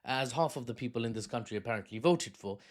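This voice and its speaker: A man's voice: mid-range voice, lively intonation, quick pace. A man from the United Kingdom giving casual, sarcastic news commentary, rambling with fillers and restarts.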